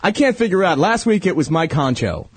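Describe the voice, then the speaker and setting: A man's voice: a little high, sing-song, fairly quick, slight background noise. A man in his forties from Long Island, co-hosting a casual chat show, joking, teasing and laughing often. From Long Island, New York. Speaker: podcast co-host. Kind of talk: casual banter.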